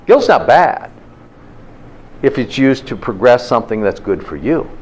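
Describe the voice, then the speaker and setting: A man's voice: mid-range voice, a little slow, husky, low-quality recording. A man hosting a motivational health talk, telling stories and firing rhetorical questions at his listeners. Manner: lively storyteller with rhetorical questions.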